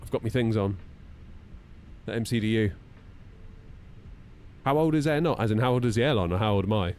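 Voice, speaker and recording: A man's voice: lowish voice, fairly quick, a little mellow, a little hiss or hum. A man in his thirties, chatting casually on a live stream while running through flight checklists, self-deprecating and talkative. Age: 30s.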